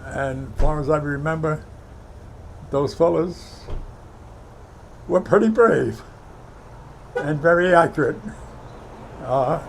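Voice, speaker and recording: A man in his nineties from Brooklyn, recounting his war memories in an interview, halting with many fillers and heartfelt. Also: fairly high pitch, creaky, a little hiss or hum, poor audio. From Brooklyn, New York. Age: 90s. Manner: heartfelt, emotional recollection. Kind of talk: oral history interview.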